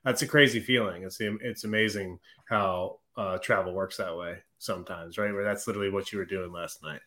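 Bright easygoing man hosting a podcast. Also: low-pitched, fairly even intonation, brisk. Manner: easygoing, asks questions, laughs along. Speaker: podcast host. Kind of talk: casual sports podcast chat.

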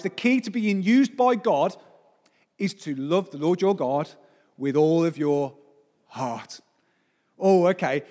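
A man's voice: high-pitched, a little mellow. A male pastor preaching a sermon in a church, passionate and emphatic, building through repeated phrases. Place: church hall. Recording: long hall reverb.

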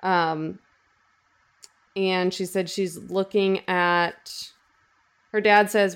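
A woman co-hosting a casual book-chat podcast, summarizing chapters in a relaxed way with many ums. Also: lowish voice, very slow, pauses often, clean tone. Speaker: podcast co-host.

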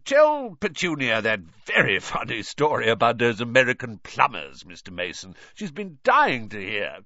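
A man's voice: medium pitch, huge pitch swings, moderate pace, bright, forceful tone, dry recording, lo-fi sound, full character voice. A man doing a pompous blustering uncle. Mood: fake-jovial. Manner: forced heartiness covering embarrassment. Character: blustering pompous middle-aged uncle, fake-jovial.

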